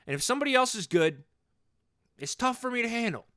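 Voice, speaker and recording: A man's voice: very high voice, big pitch swings, fast, sharp tone, no echo, clean studio sound, exaggerated voice. A man in his forties playing a hot-headed, overcompetitive sports dad in an improvised comedy podcast monologue, rambling and boastful and repeating himself. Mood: worked up. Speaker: podcast host in character.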